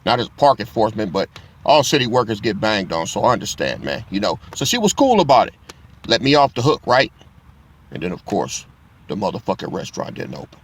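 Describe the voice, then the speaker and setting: Gravelly, profane middle-aged storyteller man. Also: on the low side, very animated, a little fast. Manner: profane, laughing, street-talk storytelling. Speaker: Bible teacher. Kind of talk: casual storytelling lesson.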